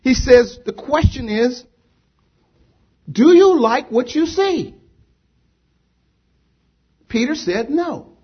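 A man's voice: very high voice, lively intonation, slow, long pauses, breathy edge, highs cut off. A man preaching a sermon to a congregation, emphatic, repeating rhetorical questions. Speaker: pastor. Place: church with a congregation.

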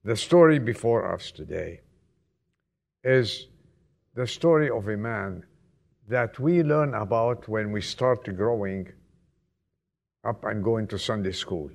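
Preacher, male, reflective storytelling delivery, deliberate tempo, rough fry in the voice. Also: on the low side. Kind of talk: sermon. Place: church.

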